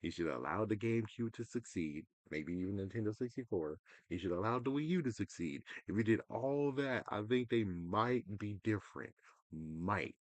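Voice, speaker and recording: A gaming commentator rants casually to camera about video games, his fairly low voice full of lively intonation at a moderate pace. He's exasperated and profane, sometimes mocking others in a put-on voice, and he swings between loud outbursts and muttering. The recording is dry.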